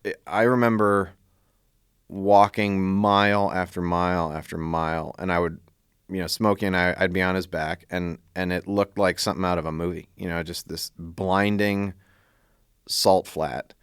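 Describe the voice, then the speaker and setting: Man in his forties, low smooth voice, dry close mic, reflective interview. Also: moderate pace, no room sound. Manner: relaxed, reflective, with many "you know"s. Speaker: interviewee recalling a journey. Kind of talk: casual interview recollection.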